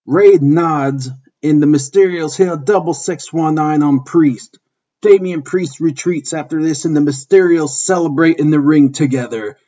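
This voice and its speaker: A man reads a fan-written wrestling story in a steady, plain voice that's husky and a little high, at normal speed. The recording is dull and lo-fi.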